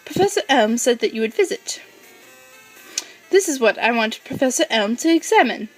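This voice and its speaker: A woman voicing an eccentric older British gentleman in a game playthrough, with a deliberately hammy put-on British accent. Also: a little high, lively intonation, far from the mic, faint music behind, low-quality recording. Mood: polite, intrigued.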